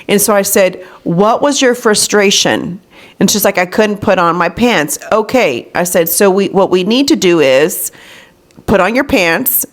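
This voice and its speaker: Chatty woman podcast host, mid pitch. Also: expressive, measured pace. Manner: chatty, retells talks with her daughter, says "you know what I'm saying" often. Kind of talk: casual chat.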